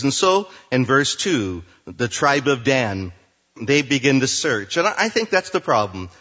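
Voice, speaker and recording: A male pastor preaching a sermon, reading scripture slowly and then explaining it in plain words. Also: mid-range voice, a bit bright, lo-fi sound.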